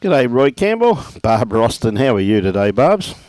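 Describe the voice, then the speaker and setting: Australian man, bowls commentator, laid-back and chatty, medium pitch, dry close sound. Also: big pitch swings, moderate pace, darkish tone, dry recording. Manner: laid-back, chatty, greets viewers by name. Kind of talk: live sports commentary with viewer shout-outs.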